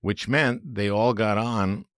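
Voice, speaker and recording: A man's voice: on the low side, slow pace, no echo, studio quality. A man hosting a podcast interview, laughing often and restarting his sentences. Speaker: podcast host. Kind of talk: casual interview.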